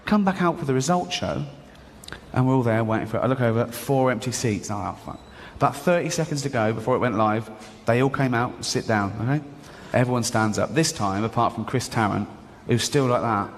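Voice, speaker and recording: This stand-up comedian has a mid-range voice and a brisk delivery with few pauses, over slight background noise. Animated and laughing often, he tells a story while voicing its characters, captured live before an audience in a big hall.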